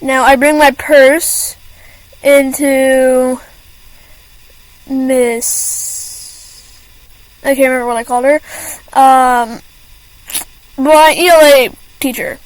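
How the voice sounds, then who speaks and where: Teen girl vlogger, high voice, slow unhurried delivery, chatty and rambling, keeps apologizing mid-story. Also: fairly even intonation, smooth, rough recording. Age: teens. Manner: rambling with many fillers and restarts; apologetic asides. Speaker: student venting to camera. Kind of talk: casual rant.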